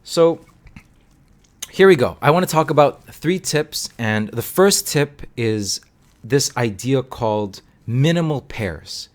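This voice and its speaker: A young man teaches listening tips in a relaxed, chatty way. His voice swings up and down a lot as he acts out sounds with playful flair, and it sits in a middling pitch. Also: slow. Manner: animated, demonstrates sounds with playful exaggeration. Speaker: language teacher. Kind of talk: casual teaching talk.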